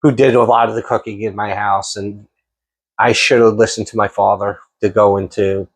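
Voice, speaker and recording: A lowish, slightly breathy male voice at normal speed belongs to a podcast host and chef running a laid-back interview. His long stories ramble animatedly and are full of restarts.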